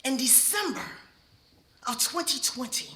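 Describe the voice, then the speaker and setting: A middle-aged woman telling a personal story on stage before an audience, expressive and speaking straight to the listeners. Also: high-pitched, a little slow. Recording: echoey hall.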